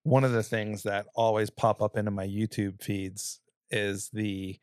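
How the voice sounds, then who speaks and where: Low-voiced host guy, curious, joking around, dry sound. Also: little pitch movement, unhurried, a little mellow, clean tone, no room sound. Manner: curious questions, playful impressions. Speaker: podcast host. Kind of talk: casual chat.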